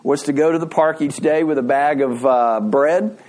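A man's voice: a little high, normal speed, darkish tone. A middle-aged man preaching a sermon as a pastor, telling stories in a loose, conversational way with frequent restarts. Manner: conversational storytelling with repeated restarts.

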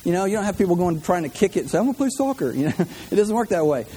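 A man's voice: sits high, lively intonation, very fast, mellow, husky. A man preaching a humorous sermon in a church, chatty, repeating words and tossing in jokey asides.

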